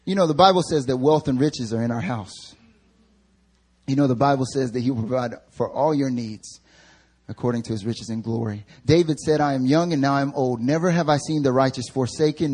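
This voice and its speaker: A man's voice: mid-range voice, darkish tone, husky. A young man preaching a sermon at a church service, moving between casual slang-filled storytelling and rising, emphatic preaching.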